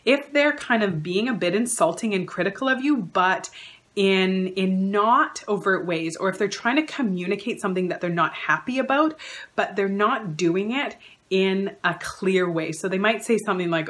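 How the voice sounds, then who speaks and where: A woman's voice: mid-range voice, moderate pace, a bit bright. A woman counsellor giving an earnest advice talk, stringing together lists of repeated phrases. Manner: acts out quoted remarks in shifted voices.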